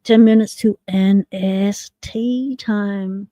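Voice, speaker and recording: An Australian woman chats away on a livestream, rambling from one joke to the next. Her voice is mellow and dark, sitting at a middle pitch. The sound is close and dry. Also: fairly even intonation, slow, no echo, dull audio. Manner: chatty, rambling, jokey. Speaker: livestream host. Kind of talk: casual chat.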